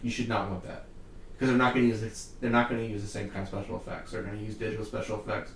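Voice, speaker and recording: A man's voice: fairly low pitch, steady tone, rapid-fire, recorded from a distance. Profane, ranting young man, echoey room. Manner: heated, profane ranting with laughs. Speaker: podcast host. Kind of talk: casual chat. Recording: roomy echo, off-mic, faint hiss.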